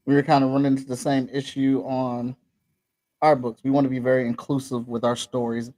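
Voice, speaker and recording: A man hosting a casual chat, relaxed and agreeable, with laid-back slang. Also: medium pitch, moderate pace, dry recording, low-quality recording.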